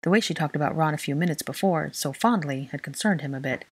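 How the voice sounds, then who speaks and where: A woman narrating a fan fiction story aloud in a steady, even reading. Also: low-pitched, quick pace, breathy edge. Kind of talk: audiobook narration.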